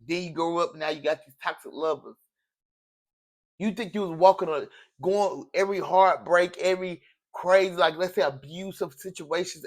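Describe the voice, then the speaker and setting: A man giving a casual tarot reading in an emotional, preachy way, often repeating phrases. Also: on the high side. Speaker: tarot reader.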